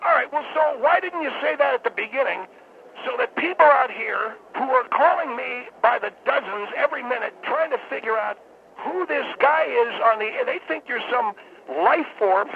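A man playing a gruff, confrontational male caller with a gravelly voice. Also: extremely high pitch, animated, normal speed, a little hiss or hum, exaggerated voice. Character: irate male caller, blunt and pushy. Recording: tinny phone line.

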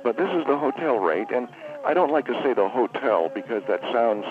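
A man's voice: mid-range voice, animated, normal speed. A man calling in as a spa owner on a comedic radio phone-in, rambling, stammering and correcting himself as he talks. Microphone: telephone. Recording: tinny phone line.

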